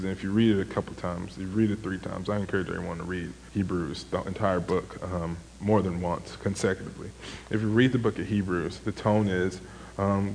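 A man's voice: deep voice, a little hiss or hum. Rambling young man preaching in a hall. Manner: rambling, heavy use of "like" and "um". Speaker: camp counselor giving a sermon. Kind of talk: casual sermon testimony.

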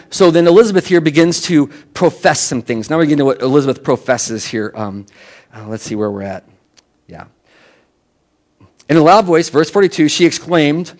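A man preaching a sermon in a loose, conversational way, often restarting his sentences. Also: on the high side. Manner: conversational, with frequent restarts and asides. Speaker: pastor.

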